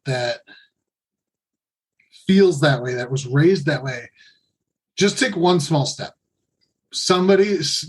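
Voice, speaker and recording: A young man with a husky, slightly high voice speaks bluntly on a podcast. He is earnest and swears freely. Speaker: podcast guest. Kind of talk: candid podcast conversation.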